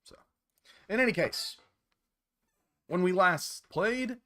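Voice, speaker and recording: A man hosting a let's play in a casual game commentary style, chatty and quick to laugh. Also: high voice, lively intonation, pushed and bright.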